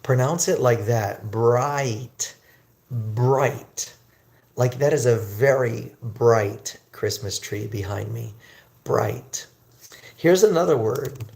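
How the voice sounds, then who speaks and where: Slow, gravelly man teaching English. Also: medium pitch, expressive, darkish tone, a little hiss or hum. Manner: slow, drawn-out pronunciation drills; chatty, greets viewers. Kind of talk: livestream English lesson.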